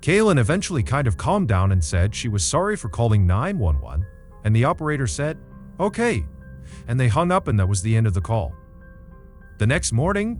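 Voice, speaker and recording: A man hosting a true crime podcast, telling the story in a casual, animated way and acting out the quoted voices. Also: mid-range voice. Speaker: podcast host.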